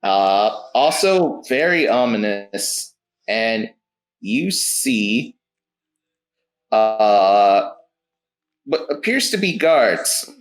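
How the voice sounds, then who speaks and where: A man narrates a tabletop game in casual, halting phrases full of "uh" and "um". His pitch rises and falls with lively movement. He sets scenes loosely and keeps the talk relaxed. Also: soft background music, low-quality recording. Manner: halting, with many fillers. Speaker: game master.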